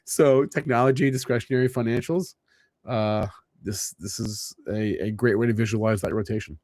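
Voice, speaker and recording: A man's voice: fairly low pitch, normal speed, no echo. Guy hosting a market show, casual, keeps restarting, pretty dry mic. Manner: animated, frequent restarts. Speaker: show host.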